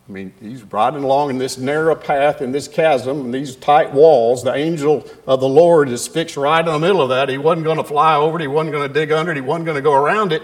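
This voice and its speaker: A man preaching, retelling a scripture story in a folksy, animated way. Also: a little high, brisk, hardly any pauses. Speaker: pastor.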